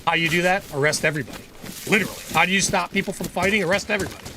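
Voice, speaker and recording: A man's voice: sits high, very fast, noisy background. Earnest, rambling man streaming. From United States. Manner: earnest, opinionated, rambling with restarts. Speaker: gaming livestreamer and lawyer. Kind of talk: casual livestream chat.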